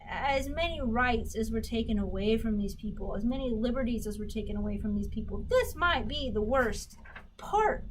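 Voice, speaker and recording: A woman gives a recorded history lecture in a voice pitched a little high. She asks questions, answers them herself, and reads out passages from documents. A faint hum of room ambience runs under her voice. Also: animated, normal speed. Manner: reads quotations aloud. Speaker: history instructor.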